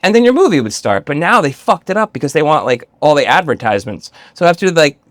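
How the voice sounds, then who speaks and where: A man's voice: a little high, sing-song, brisk, fairly bright tone, no echo. A man co-hosting a podcast in casual chat, swearing freely and acting out quotes in funny voices. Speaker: podcast co-host.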